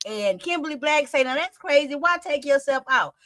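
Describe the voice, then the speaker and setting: High bright-voiced woman reacting chattily. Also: normal speed, no room sound. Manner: animated, chatty, reads out viewer comments. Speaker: host reacting to a storytime video. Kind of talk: casual reaction chat.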